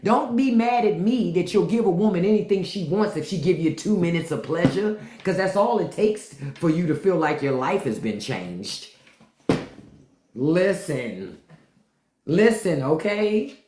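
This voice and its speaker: Her mellow, medium-pitched voice comes with a little hiss or hum in an echoey room. She's a podcast host streaming live, ranting crudely and bluntly while making fun of her chatters.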